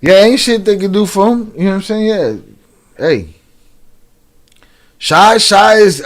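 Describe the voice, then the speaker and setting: A man's voice: sits high, moderate pace, long pauses. Slangy, joking man reacting to footage. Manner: slangy, joking, laughs often. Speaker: reaction streamer. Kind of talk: casual reaction commentary.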